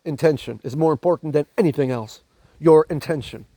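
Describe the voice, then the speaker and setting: A man with a noticeably high voice and a non-native accent delivers an emphatic spiritual monologue to camera. He preaches dramatically, repeating and restarting phrases as he presses his points. The recording is dry and close, with no room sound. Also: a little fast, dark tone, no room sound. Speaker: spiritual channel host.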